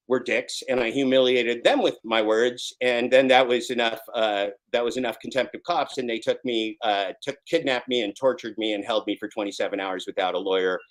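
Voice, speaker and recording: A man in his fifties, a guest in a live online interview, talking intensely and swearing, at times rising to a shout. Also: lowish voice, poor audio. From Oregon. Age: 50s.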